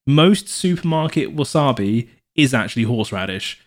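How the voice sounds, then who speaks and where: Speaking at a normal speed, this podcast co-host has a medium-pitched, animated voice. In casual chat he rambles, backs up to restart and correct himself, uses lots of fillers, and does put-on voices for his anecdotes.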